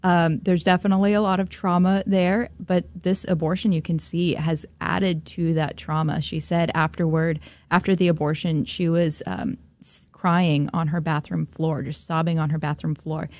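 Female radio guest, lower pitch, chatty and hesitant, dry close mic. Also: level tone, moderate pace, a little mellow, no room sound. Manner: conversational, with frequent um and uh. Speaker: guest commentator, writer. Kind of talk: talk radio discussion.

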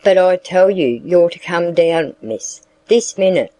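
A reader voicing a bustling household maidservant who scolds and orders a child about, slow and measured. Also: medium pitch, expressive, mellow, no echo, lightly acted, poor audio. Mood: scolding. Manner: scolding, commanding. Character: bustling female household servant, bossy and hurried.

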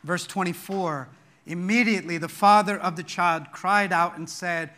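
A man preaching a sermon as pastor, stressing points by swinging between loud declarations and quiet asides. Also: high-pitched, normal speed. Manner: emphatic, rises and drops in volume to stress points.

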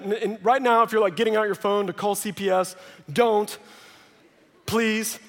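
Thirties male pastor, bright high voice, lively sermon storytelling with jokes, big echoing hall. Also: fairly quick. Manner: lively storytelling with joking asides. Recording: long reverb of a large hall.

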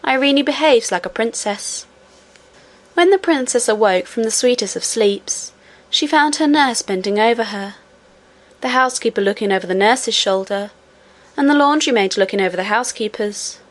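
A woman narrating a children's storybook with a clear, measured reading. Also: on the high side. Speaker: audiobook narrator.

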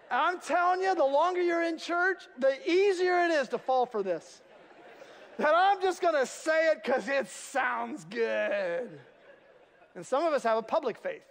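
High-voiced male pastor in a reverberant hall. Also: lively intonation, a little slow, gravelly, some chatter behind, slight background noise. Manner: storytelling, self-deprecating humor. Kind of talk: sermon. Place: church sanctuary.

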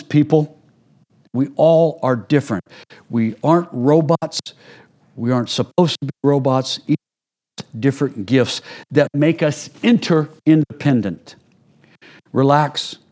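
A man's voice: medium pitch, slow, a little mellow. A middle-aged man preaching a sermon to his church in a conversational way, acting out small everyday scenes to make his points. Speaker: pastor.

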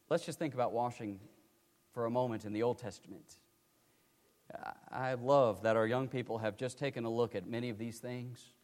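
An older man delivers a sermon in a high voice. He leans hard on key words and falls quiet for asides, with a long hall reverb behind him. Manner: emphatic, rising to loud pleading then dropping to quiet asides. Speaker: preacher.

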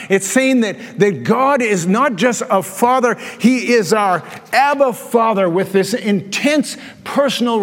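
An older man preaching a conversational sermon as a pastor, animated and telling stories with self-deprecating asides. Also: high-pitched. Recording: long reverb of a large hall.

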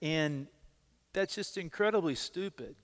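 A middle-aged male pastor preaching a sermon, telling personal stories in an animated way and repeating words as he stresses them. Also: a little high, a little slow, in a large hall. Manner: animated storytelling, repeats words when emphasizing.

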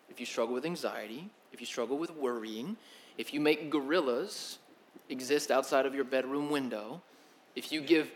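A young man preaching a sermon, telling the story in an animated, slangy way that swings from loud to hushed. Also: medium pitch. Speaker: pastor.

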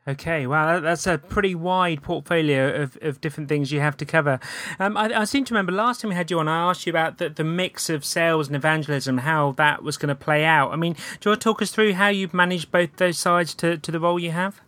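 A man's voice: fairly high pitch, fast, bright, forceful tone, no room sound. A man hosting a casual tech podcast, chatty and friendly with easy laughs, close to the mic. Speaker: podcast host.

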